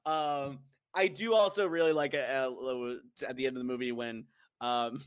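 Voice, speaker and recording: A man's voice: medium pitch, fairly even intonation, normal speed, clear, resonant tone. A man hosting a podcast, chatting casually and animatedly, laughing often and quoting movie lines in put-on voices. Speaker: podcast host. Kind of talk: casual chat.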